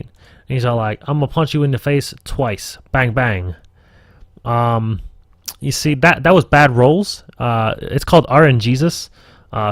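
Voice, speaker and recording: Gravelly man rambling through a tutorial. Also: mid-range voice, no room sound, clean studio sound. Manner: rambling, profane, self-talking. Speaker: game master streaming a tutorial. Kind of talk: casual live tutorial stream.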